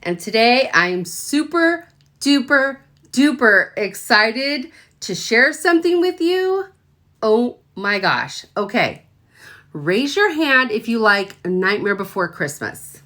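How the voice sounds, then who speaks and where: A woman, a product consultant, talking through an excited unboxing vlog, gushing and exclaiming as she opens the box. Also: a little high, takes it slowly. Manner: gushing, bubbly, exclaims often.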